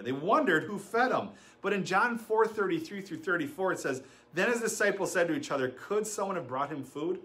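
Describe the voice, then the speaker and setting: Animated male pastor preaching a sermon. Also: high-pitched, normal speed. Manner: animated storytelling, laughing and acting out quotes.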